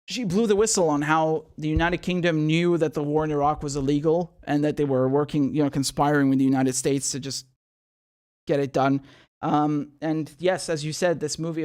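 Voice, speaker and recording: A man hosting a casual livestream, talking in a rambling, chatty way with many restarts. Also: fairly high pitch. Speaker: livestream host.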